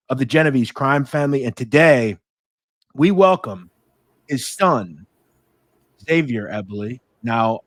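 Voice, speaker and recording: A man's voice: mid-range voice, no room sound. A man hosting an interview podcast, opening with an upbeat promo and then asking his guest questions. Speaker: podcast host. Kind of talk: interview show intro and questions.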